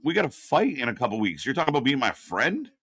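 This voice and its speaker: A man's voice: mid-range voice, big pitch swings, fast, fairly bright tone, husky, no room sound. A man doing unscripted live watch-party commentary, ranting and swearing in exasperation.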